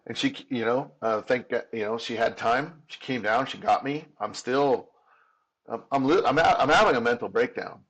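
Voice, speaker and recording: A man's voice: medium pitch, normal speed, a bit bright, slightly rough, dull audio. A man in his fifties telling his own story as an interview guest, candid and earnest, often restarting and repeating words. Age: 50s. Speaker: podcast guest.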